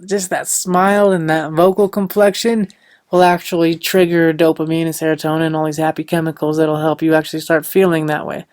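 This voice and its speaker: Young male podcast host, earnest motivational talker, loose and rambling, smooth clear tone, dry recording. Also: fairly high pitch, little pitch movement, a little fast, darkish tone, no room sound. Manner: loose and rambling, with lots of "like" and "you know"; earnest, upbeat and preachy.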